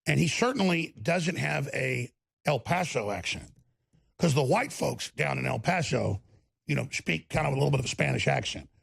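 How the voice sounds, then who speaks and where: Texan male host, sarcastic rant, raspy and gravelly. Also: medium pitch, animated, normal speed, fairly bright tone. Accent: Texas. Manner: sarcastic, scornful. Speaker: political commentary host. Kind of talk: ranting commentary.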